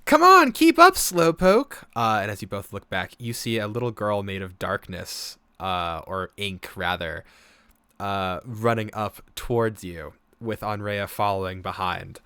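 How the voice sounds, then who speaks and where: A man's voice: sits low, steady tone, a little slow, fairly bright tone, clean tone, no room sound. A man narrating as game master, with a hesitant, filler-heavy way of talking.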